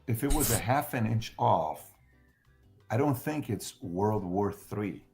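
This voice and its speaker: A man's voice: fairly low pitch, lively intonation, takes it slowly, vocal fry, a little mellow, soft background music. A man with a Middle Eastern accent giving his political opinions, stressing his points with repetition and rhetorical questions. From Middle East.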